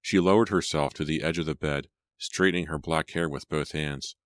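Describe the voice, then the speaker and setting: A man reading an audiobook in a steady, measured storytelling manner. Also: extremely low pitch, dry recording. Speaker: audiobook narrator. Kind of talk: scripted narration.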